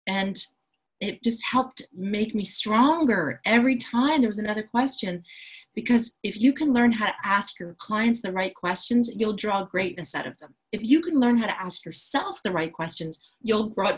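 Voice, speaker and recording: The founder of a coaching school, who works as an empowerment coach, chattily and confidently promotes her programs with plenty of enthusiasm. She speaks at a moderate pace in an expressive, breathy, mid-range voice, and the audio is poor.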